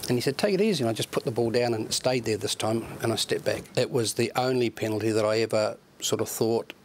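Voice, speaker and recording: Man recalling a match in a halting voice. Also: fairly low pitch, flat delivery, a little hiss or hum. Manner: halting, reflective storytelling. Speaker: former footballer. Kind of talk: retrospective interview.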